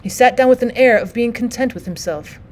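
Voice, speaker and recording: A woman teacher reading a classic novel aloud in clear, expressive audiobook narration. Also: fairly high pitch, brisk.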